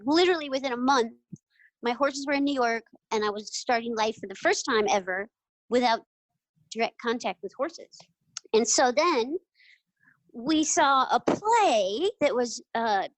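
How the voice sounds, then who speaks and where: A middle-aged woman, a guest on an interview show, telling lively stories and often acting out quoted voices with laughter. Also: fairly high pitch, dry recording, rough recording. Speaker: guest, retired jockey. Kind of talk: casual interview storytelling.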